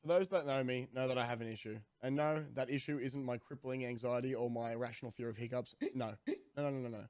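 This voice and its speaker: A young Australian man ranting comically to camera as a streamer, rambling with restarts and sudden jumps in pitch. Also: fairly even intonation, quick pace, a little mellow, smooth, no room sound. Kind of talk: comedic rant to camera.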